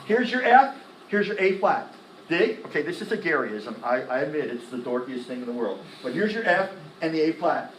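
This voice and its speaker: A man teaching music theory in a classroom lecture, animated, firing quick questions at the students and tossing in slang. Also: fairly high pitch, a little hiss or hum. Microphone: laptop recording the lecture. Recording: echoey classroom from a distance.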